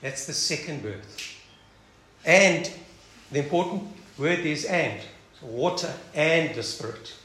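A man's voice: on the high side, lively intonation, slow pace, fairly bright tone. Echoey-sounding man teaching scripture. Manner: thinks aloud, restarts and repeats words. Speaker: preacher. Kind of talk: conversational Bible teaching. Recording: echoey room, faint background noise.

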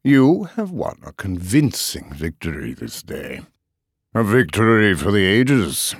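An actor playing a charming, wry male noble knight in an audiobook drama, talking in a smooth, teasing way. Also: on the low side, big pitch swings, takes it slowly, no room sound, clean studio sound, heavily acted.

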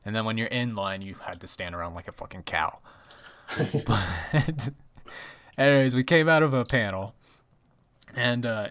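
A man's voice: fairly low pitch, moderate pace, pauses often, fairly bright tone. A man co-hosting a casual podcast, telling stories with frequent laughs and swearing. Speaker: podcast co-host. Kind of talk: casual chat.

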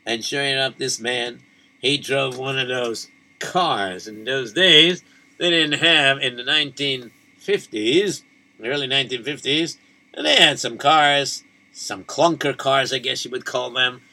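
A man telling a story casually, pausing often with fillers. His voice is bright and forceful, at a middle pitch. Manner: halting, with many fillers.

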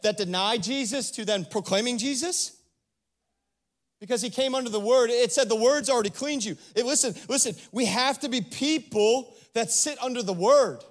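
A man, the pastor, giving a sermon to his congregation in a casual, animated way, often breaking off with "like" asides. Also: extremely high pitch. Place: church service before a congregation.

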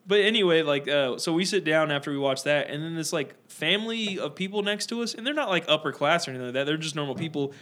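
A man's voice: on the high side, fast, hardly any pauses. A man co-hosting a podcast, telling rambling stories in casual chat and mimicking the people in them. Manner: rambling, animated storytelling with mimicked voices. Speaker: podcast co-host.

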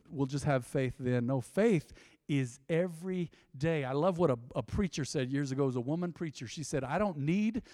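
A man preaching a sermon, swinging between loud swells and quiet, intimate drops. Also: medium pitch, no room sound, studio quality. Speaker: pastor. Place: church.

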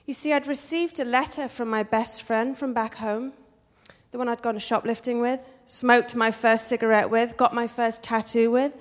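A woman's voice: a little high, steady tone, moderate pace. A woman from England with a working-class English accent, telling a wry, self-mocking story live on a theater stage, with hall reverb. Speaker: storyteller, actress.

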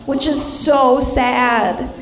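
A young woman doing stand-up comedy on a club stage, delivering dark punchlines deadpan with chatty fillers. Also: high-pitched, drawn-out words. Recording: echoey club, audience laughing. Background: crowd laughter.

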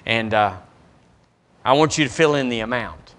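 A man preaching a sermon, voicing God as calm, generous and reassuring. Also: mid-range voice, normal speed, voice pushed down, natural voice.

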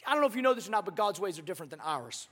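A man preaching a sermon in an animated, joking, conversational manner. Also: sits high, rapid-fire, big-room sound. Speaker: pastor.

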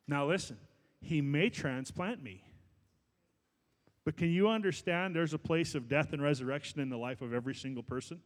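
A man preaching a sermon as pastor, building to loud, fervent exhortation. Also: a little high, normal speed, long reverb tail.

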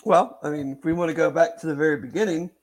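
Talking fast in a slightly high voice, a man co-hosting a sports podcast thinks out loud in casual chat. He rambles and hedges, with frequent fillers and restarts.

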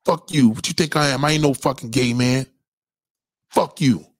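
A man's voice: mid-range voice, normal speed, no room sound, studio quality, close to an everyday voice. A man voicing a profane, boastful, macho male internet personality who is ranting angrily.

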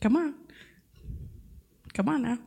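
Woman preacher, chatty sermon delivery that jokes with the congregation, voice on the higher side. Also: slow pace, gravelly, warm tone, husky. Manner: conversational and playful, laughing with the congregation. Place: church service.

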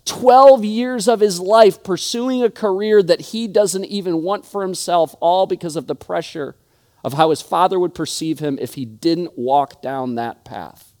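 A young adult male pastor preaches a sermon, earnestly telling stories and frequently restarting his words. His high-pitched voice has a darkish tone and moves a little slowly.

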